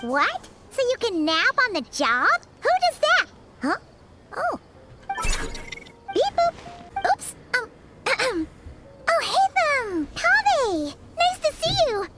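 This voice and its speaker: A woman voicing a tiny, excitable floating fairy companion in a video game, with a squeaky, high, chattering voice. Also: slow pace, long pauses, over loud music, exaggerated voice. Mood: teasing. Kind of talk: game voice acting.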